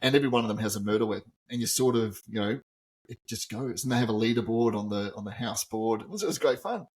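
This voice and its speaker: A man with a fairly low, slightly mellow voice talks fast as he co-hosts a podcast. He's a teacher, chatting casually, joking, and chuckling at his own jokes.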